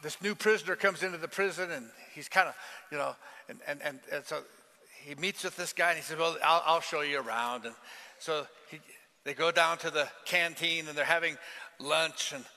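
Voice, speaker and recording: Male pastor, lively sermon style with call and response, ringing bright voice, long church reverb. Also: a little high, normal speed. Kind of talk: sermon with a told joke. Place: large church hall.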